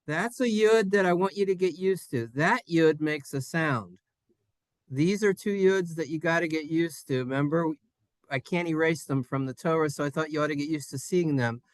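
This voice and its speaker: A man's voice: a little high, normal speed, no echo, studio quality. A man teaching a playful Hebrew lesson to children in a synagogue classroom, jokey and sing-song.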